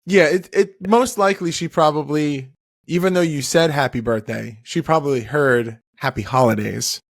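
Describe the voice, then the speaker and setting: A man co-hosting and editing a podcast, ribbing his host in casual chat with a deadpan, teasing manner. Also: on the high side, normal speed, gravelly, dry recording, studio quality.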